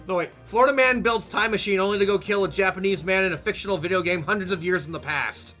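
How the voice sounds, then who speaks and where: A man's voice: sits high, fast talker, bright, forceful tone, faint music behind. A man streaming a game, chatting casually and animatedly with frequent swearing. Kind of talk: casual gameplay commentary.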